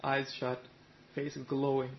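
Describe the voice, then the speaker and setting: A man's voice: medium pitch, completely flat delivery, takes it slowly, dull audio, a little hiss or hum. A man giving a Sikh sermon, retelling a story and speaking its characters' lines in his own plain voice. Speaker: Sikh preacher.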